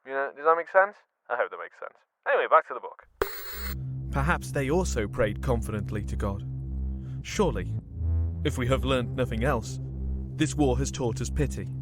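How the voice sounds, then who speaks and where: Dude reading a book out loud then rambling off on jokey tangents, voice bounces all over. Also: male voice, medium pitch, expressive, normal speed, music in the background. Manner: chatty, rambling asides with fillers. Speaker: podcast host reading a novel. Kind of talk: audiobook reading with comic commentary.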